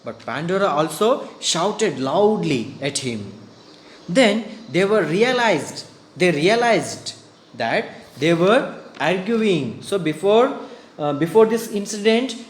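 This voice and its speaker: A man with an Indian English accent, an English teacher who reads a story aloud and explains it to students in a slow, halting way, with fillers and throat clearing. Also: sits high, big pitch swings. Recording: echoey room, faint background hum.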